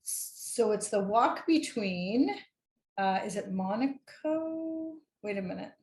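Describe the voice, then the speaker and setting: A woman speaks with eager, animated enthusiasm in relaxed conversation, now and then pausing to hunt for a word. Her voice sits in a mid register. The room is noticeably echoey. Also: medium pitch, a little hiss or hum. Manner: enthusiastic, searching for words mid-sentence. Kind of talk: casual chat.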